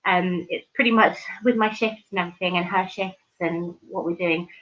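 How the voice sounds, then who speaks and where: This livestream host talks casually and gushingly with her viewers, reading their comments with plenty of ums and restarts. She has a lowish, steady, slightly bright voice at a moderate pace, and the stream audio is dull and lo-fi.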